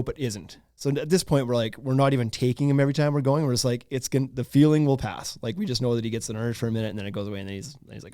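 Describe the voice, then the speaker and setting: A man, hosting a podcast and telling a story in casual chat, animated and laughing often. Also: medium pitch, rapid-fire, no room sound, studio quality. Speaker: podcast host.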